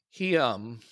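A man's voice: on the high side, gravelly, husky, no echo, studio quality. A man, a podcast guest, telling a story in casual conversation and raising his voice when quoting people.

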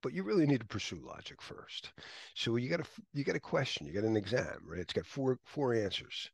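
A man's voice: mid-range voice, very animated, brisk, vocal fry, husky, no room sound. A man teaching an exam prep class in a chatty, anecdotal lecture style, often laughing.

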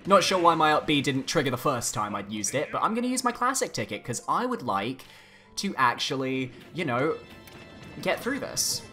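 A young man talks over his gameplay, his pitch leaping around as he exclaims and grumbles. He moves quickly between delight and annoyance in casual commentary. Faint game music plays underneath. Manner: animated, exclaiming, swings between excited and exasperated. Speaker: gaming YouTuber. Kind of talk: let's play commentary.

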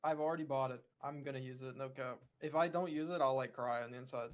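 A man's voice: medium pitch, fairly even intonation, quick pace. A man making callouts and teasing his friends in game voice chat. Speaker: teammate in a shooter game. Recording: loud game gunfire behind voice.

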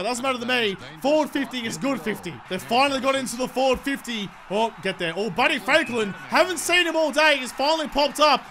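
Young Aussie guy, very high bright voice, loud excitable game commentary with swearing. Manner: excitable, swears often, shouts at players. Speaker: gaming YouTuber. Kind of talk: live gameplay commentary.

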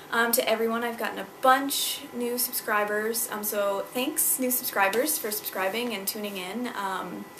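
A woman's voice: on the high side, a bit bright, a little hiss or hum, low-quality recording. A young woman vlogging at home about her pregnancy, chatty and emotional, with lots of fillers, on a camera mounted on a tripod. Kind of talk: casual personal vlog. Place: at home indoors. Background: clock chiming Christmas carols.

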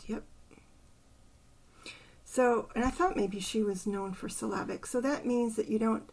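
An older woman hosting a poetry channel, thinking aloud and softly counting syllables under her breath as she picks a poem apart. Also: on the high side, steady tone, measured pace, vocal fry, pauses often, slightly rough. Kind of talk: casual poetry analysis.

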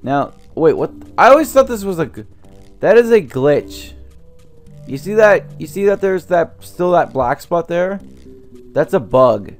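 A young man commenting on a video game as he plays, ranting angrily about his family and swearing, his throat sore from yelling. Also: on the high side, very animated, measured pace, soft background music. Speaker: let's play host. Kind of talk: gameplay commentary.

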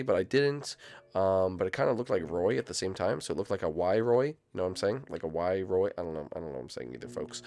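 A man commentates live gameplay for a gaming video, getting excitable and breaking into shrill squeals.

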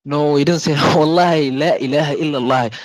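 Rapid-fire male debater on a phone, slightly high voice, always interrupting. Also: fairly even intonation, no room sound. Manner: rapid, interrupting, keeps saying "no, no, no". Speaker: debate opponent. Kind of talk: heated debate.

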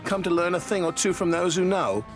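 A man's voice: high voice, lively intonation, a little fast, faint music behind. A man narrating a children's TV story and doing exaggerated, cartoonish character voices.

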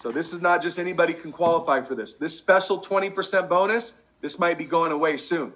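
Man, sales trainer, bright tone, high-pitched, energetic, repetitive. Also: fairly quick. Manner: repetitive, pumped-up, drills catchphrases.

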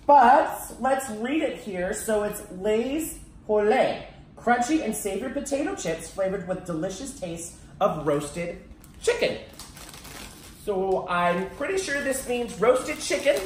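A woman reviewing snacks in a casual, excitable unboxing vlog, chatting at home. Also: medium pitch, far from the mic, slight background noise. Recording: echoey home room.

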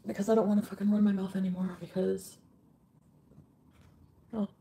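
A woman on a live stream, reading viewer comments aloud. Her voice is gravelly and husky, and she talks in an emotional, unfiltered way with plenty of swearing. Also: medium pitch, level tone, moderate pace, mellow.

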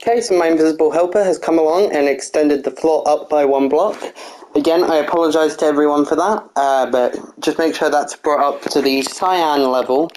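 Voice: medium pitch, fairly quick, darkish tone, poor audio. Methodical voice talking through a build. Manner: methodical step-by-step instructions, counting blocks aloud, frequent "uh"; apologetic, corrects own slips. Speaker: building tutorial narrator. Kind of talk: casual game-building walkthrough voice-over.

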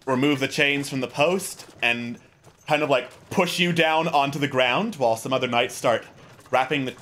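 A man's voice: mid-range voice, normal speed. Laid-back man running a tabletop game. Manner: relaxed, with frequent filler words. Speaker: game master.

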